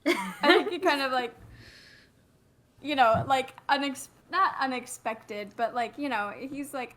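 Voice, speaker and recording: A woman's voice: high voice, measured pace, a bit bright. A woman player at a tabletop game, chatting casually in a rambling way full of fillers. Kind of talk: casual chat.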